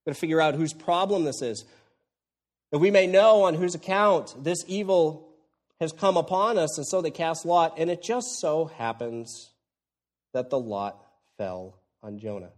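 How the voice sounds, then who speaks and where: A man preaching an expository sermon, moving between hushed lines and loud, exclaiming ones. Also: a little high, measured pace. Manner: animated, swings from hushed to exclaiming.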